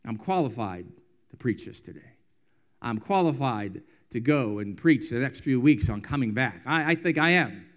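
A man preaching a sermon as pastor, moving between loud, emphatic lines and quiet, hushed ones, with drawn-out phrasing and repeated refrains. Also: medium pitch, animated.

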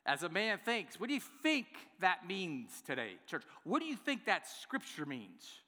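A man preaching a sermon as pastor, playful and lively, acting out the excuses people give. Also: sits high, normal speed, hardly any pauses, in a large hall. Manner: lively, playful, acts out congregants' replies. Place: church worship center.

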